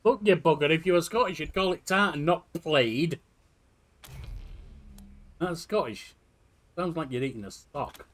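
A man's voice: fairly high pitch, a little slow, long pauses, fairly bright tone. A man with a Yorkshire accent reading his character's lines in a game playthrough, dry and mocking. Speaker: gamer voicing the player's lines. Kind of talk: casual game playthrough commentary.

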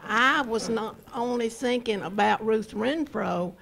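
A woman in her nineties from Georgia in the US, speaking slowly and deliberately. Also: fairly high pitch, gravelly, a bit bright. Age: 90s.

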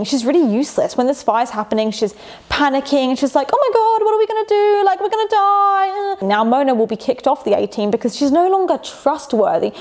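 A woman's voice: fairly high pitch, dark tone. A woman talking through a casual commentary vlog in a chatty, opinionated way, asking rhetorical questions as she goes. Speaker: YouTube commentator.

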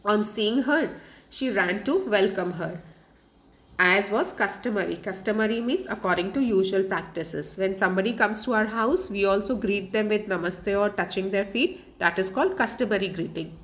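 A woman teacher reads a children's story aloud, pausing often to explain word meanings. Her voice sits at an ordinary middle pitch. She speaks patiently and restates each sentence in plainer words. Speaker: English teacher.

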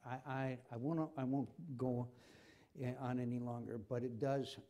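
A man's voice: mid-range voice, level tone, moderate pace, warm tone, muffled recording. An older man, a senator, speaking with passion in a forum conversation and repeating himself when stirred. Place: university forum hall.

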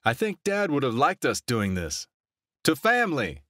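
A man voicing a drunk, boisterous young man who slurs and cheers too loudly in an audiobook. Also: mid-range voice, wildly swooping pitch, normal speed, no room sound, clean studio sound, voice pushed up. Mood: drunk, rowdy. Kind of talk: audiobook character voice.

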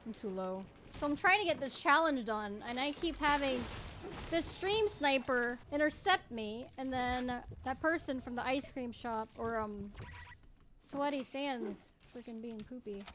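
A young woman streaming a game, giving excitable running commentary, often laughing and squealing. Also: on the high side, a little hiss or hum. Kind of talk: live gameplay commentary.

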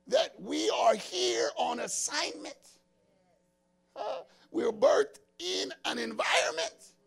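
An apostle preaches a fervent sermon, frequently shouting and breaking into prayer in tongues. His voice is high-pitched and husky, with vocal fry.

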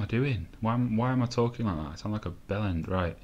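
A young man giving casual, sweary commentary on a football management game, rambling between excited outbursts. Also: lowish voice, fast, muffled recording. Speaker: gaming let's-play host.

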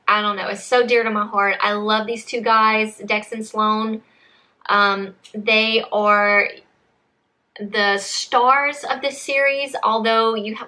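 A woman's voice: medium pitch, pushed and bright. A young woman chatting casually to camera as a book vlogger, rambling with frequent restarts and saying y'all.

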